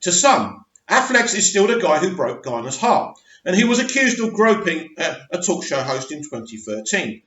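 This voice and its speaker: Man, forties, chatty asides, stumbles and restarts, lively up-and-down voice, echoey room, muffled sound. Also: high voice, normal speed, hardly any pauses. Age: 40s. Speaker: movie news vlogger. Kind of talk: reading and commenting on an article.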